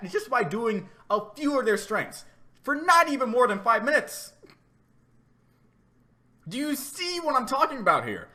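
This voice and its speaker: A man giving a rambling, animated reaction commentary, laughing often and repeating himself as he talks. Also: extremely high pitch. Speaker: reaction video host.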